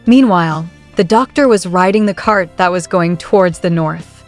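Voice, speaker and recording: A woman's voice: on the low side, normal speed, few pauses, soft background music. Woman narrating a story recap. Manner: steady, even reading of every part.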